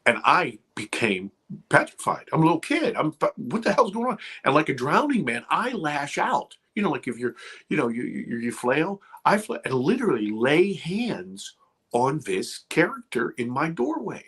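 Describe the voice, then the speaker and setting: A middle-aged man telling a personal story as a guest, dramatic, dropping to a hush and rising again, with many restarts. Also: a little high, big pitch swings, measured pace, husky. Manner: dramatic, swings from loud to hushed, many restarts. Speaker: guest filmmaker. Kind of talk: animated storytelling.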